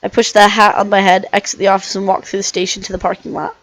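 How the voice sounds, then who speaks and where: A woman's voice: medium pitch, flat delivery, fast, dry recording, close to an everyday voice, low-quality recording. A woman voicing a weary, cynical male herbivore dinosaur detective, reading a visual novel aloud in first person with small restarts. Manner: plain first-person narration, restarts over misread words.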